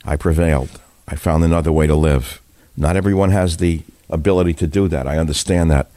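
An older man with a rumbling low, warm voice hosts a talk radio show, speaking briskly into a studio microphone. He delivers opinionated monologues full of rhetorical questions and takes callers, in a dry recording from the radio studio.

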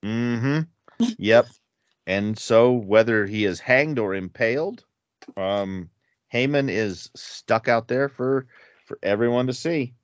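A man's voice: mid-range voice, takes it slowly, no echo, lo-fi sound. A man in a casual Bible study discussion, thinking aloud and hesitant, restarting his sentences often.

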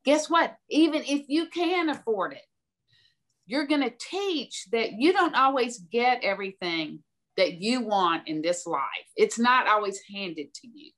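An older woman from the American South, guesting on a podcast, offers direct, emphatic advice and shares stories conversationally. Her voice is slightly high with a fairly bright tone.

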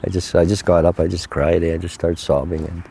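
As an interview guest, an older man shares his faith testimony, unhurried, earnest and heartfelt. His low-pitched voice is flat, creaky and dark, with a little hiss or hum.

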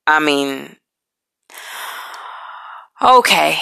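Woman host, tired and emotional, slow gravelly confessional delivery, dry close sound. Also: mid-range voice, bright, forceful tone, no room sound. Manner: emotional, halting, apologetic. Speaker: podcast host. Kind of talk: personal confessional talk.

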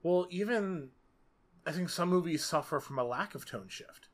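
A man's voice: a little high, animated, normal speed. A man co-hosting a podcast, talking about movies in a casual, rambling way, with many fillers and lots of animation. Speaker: podcast co-host. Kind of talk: casual film discussion.

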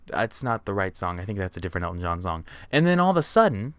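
A man's voice: deep voice, sing-song, fast talker, fairly bright tone, clean tone, no room sound. A young man casually telling a rambling, profanity-filled story.

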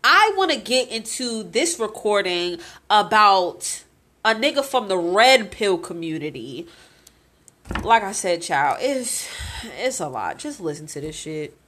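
Woman in her twenties, podcast host, blunt, profane, confessional, middle pitch. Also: very animated, a little slow, sharp tone. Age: 20s. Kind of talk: candid confessional podcast talk.

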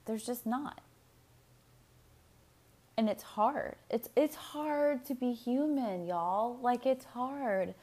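A woman's voice: on the high side, slow pace, pauses often. A young woman hosting her own podcast, talking candidly in a casual solo monologue, swearing freely and filling her talk with "like" and laughs. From United States. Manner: candid, profane, animated, with frequent fillers and laughs. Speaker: podcast host.

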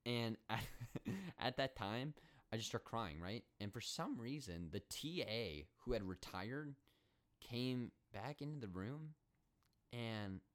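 A man's voice: mid-range voice, lively intonation, takes it slowly. A man of twenty hosting a solo podcast, telling a story in a rambling, sarcastic way with many fillers. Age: 20s. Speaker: podcast host.

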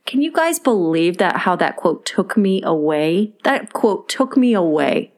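A woman's voice: lowish voice, unhurried. A woman co-hosting a casual podcast, talking about her child. She tells her stories with energy and acts out the lines of the people in them. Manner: animated storyteller, acts out quotes. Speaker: podcast co-host. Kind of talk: casual chat.

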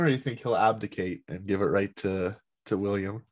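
A man hosting a podcast in casual chat, upbeat and quick to laugh. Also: lowish voice, darkish tone. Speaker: podcast host.

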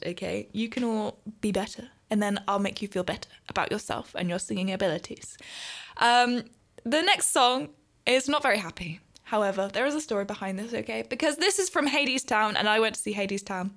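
A woman's voice: medium pitch, fairly bright tone. A bubbly young woman, hosting a student radio show in a rambling casual chat that is full of laughs. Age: young adult.

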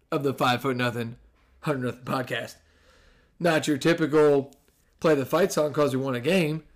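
A young adult man from New Jersey with a New Jersey accent, hosting a casual solo podcast in a sarcastic, animated, swearing manner. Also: mid-range voice. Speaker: podcast host.

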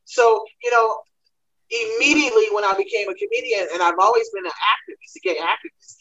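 A woman comedian talking through a panel discussion, telling her story in quick animated bursts. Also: a little high, lo-fi sound.

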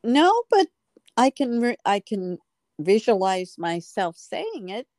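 An older woman, a guest on a podcast, in a warm casual chat who laughs easily. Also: medium pitch, big pitch swings, slow, no echo, studio quality. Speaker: guest, host's mother.

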